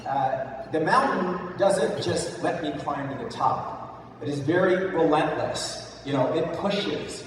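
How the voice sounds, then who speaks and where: A man in his sixties from the United States giving a keynote speech, talking in a relaxed, plainspoken way. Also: fairly high pitch. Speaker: keynote speaker. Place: large event hall. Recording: echoey hall, distant mic, audible noise.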